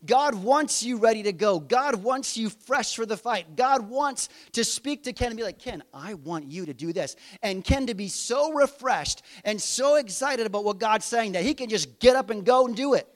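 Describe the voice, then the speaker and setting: High-voiced man preaching a casual sermon. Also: moderate pace, few pauses. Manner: conversational preaching with rhetorical questions. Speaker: pastor.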